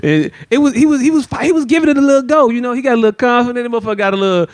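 A man hosting a podcast, recapping a movie in casual chat with animated, profane storytelling full of acted quotes. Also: very high voice, rapid-fire. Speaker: podcast host.

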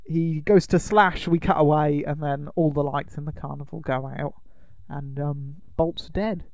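A man's voice: on the high side, fairly even intonation, a little slow, vocal fry, darkish tone, no echo. A man co-hosting a podcast, recapping a film in casual, rambling chat. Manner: rambling, with many ums and uhs. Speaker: podcast co-host.

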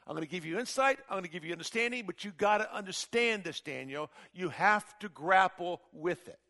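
A man's voice: high voice, expressive, brisk, pushed and bright, long reverb tail, full character voice. A man voicing a male archangel messenger, speaking in an emphatic, insistent, conversational way.

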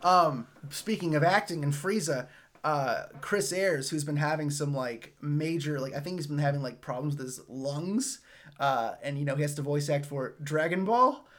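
A man with a somewhat raised pitch talking in a loose, casual chat. He laughs often and stumbles through fillers and restarts as he goes. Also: normal speed, fairly bright tone. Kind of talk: casual chat about anime.

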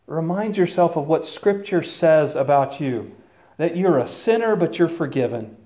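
A man's voice: a little high, lively intonation, normal speed, darkish tone. A young adult man preaching an earnest sermon, rising into exclamations. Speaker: pastor.

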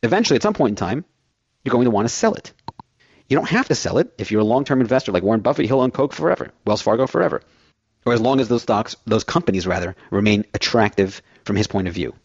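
A man's voice: lowish voice, animated, quick pace, slightly rough, no room sound, muffled recording. A man filling in as host of a financial radio show, rambling through everyday analogies.

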